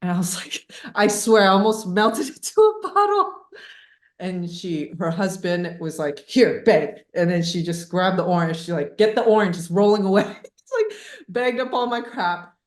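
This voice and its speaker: A woman in her thirties telling a personal story as a podcast guest, animated and laughing, with many fillers. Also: on the low side, normal speed. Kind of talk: casual storytelling interview. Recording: echoey room.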